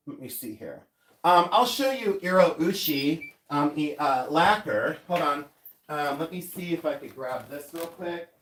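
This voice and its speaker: A man from Ohio, a reseller and collector, chatting casually and rambling on a live stream, with many fillers and words spelled out slowly. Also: fairly high pitch, a bit bright, slight background noise.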